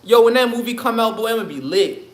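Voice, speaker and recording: A man's voice: very high-pitched, lively intonation, fast talker. A man ranting on his livestream in a loose, profane, rambling way, laughing often. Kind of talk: casual livestream rant. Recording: echoey room.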